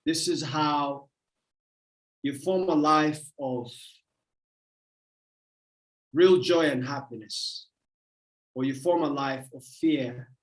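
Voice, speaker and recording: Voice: mid-range voice, slow pace, pauses often. A motivational speaker giving a livestream talk, emphatic and repetitive in a preacherly way. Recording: roomy echo.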